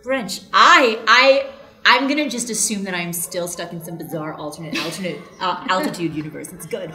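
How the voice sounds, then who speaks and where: A woman voice actress telling funny stories in a casual convention interview, animated and laughing as she acts out people's voices. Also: fairly low pitch, normal speed. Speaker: voice actress guest. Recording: echoey room.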